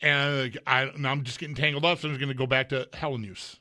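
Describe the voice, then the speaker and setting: A man's voice: mid-range voice, fairly even intonation, fast talker, bright, forceful tone. A man co-hosting a sports radio show, chatting in the studio and stumbling over his words, repeating himself as he goes. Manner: stammering, repeats words when flustered. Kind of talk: casual sports talk.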